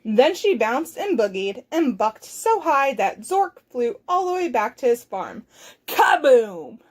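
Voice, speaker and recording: A woman, a children's librarian, reading a picture book aloud with expressive, clearly enunciated storytelling. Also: a little high, a little slow.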